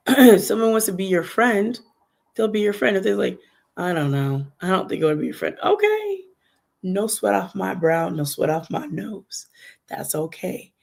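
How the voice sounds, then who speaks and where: A woman hosting a faith podcast livestream, talking in an animated, emphatic way and speaking to viewers in the chat. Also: mid-range voice, creaky, slightly rough. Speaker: podcast host. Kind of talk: casual devotional livestream talk.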